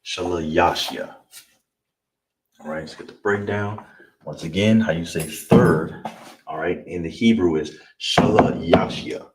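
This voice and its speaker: A man teaching a language class, breaking words into syllables and repeating each one slowly. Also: low-pitched. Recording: distant mic with clear background noise.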